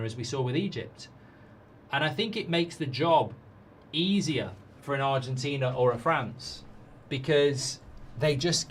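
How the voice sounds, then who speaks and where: A man's voice: mid-range voice, a little hiss or hum. Chatty man hosting a watchalong. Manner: chatty, reads viewer comments aloud. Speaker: football watchalong host. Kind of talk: casual live-stream commentary.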